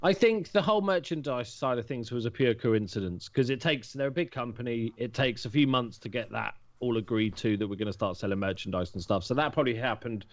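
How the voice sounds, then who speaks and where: A man talks earnestly at length as a podcast guest, in casual conversation. His voice sits at a middle pitch. The sound is dull and lo-fi. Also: a little fast, hardly any pauses. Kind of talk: casual chat. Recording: dull lo-fi mic.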